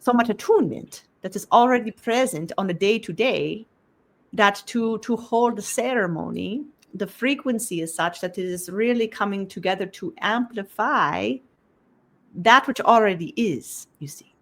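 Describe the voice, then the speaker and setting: A woman delivers a channeled spiritual talk in a mid-range voice, speaking as a collective. She hesitates and repeats words while feeling for the next one, and drops the same tag question after nearly every phrase. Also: medium pitch. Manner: halting, repeats words as she searches for them.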